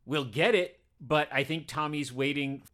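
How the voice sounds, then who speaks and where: A man co-hosting a casual film podcast, chatty and enthusiastic as he pitches this week's screenings. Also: measured pace, fairly bright tone. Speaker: podcast co-host, cinema programmer. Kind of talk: casual chat.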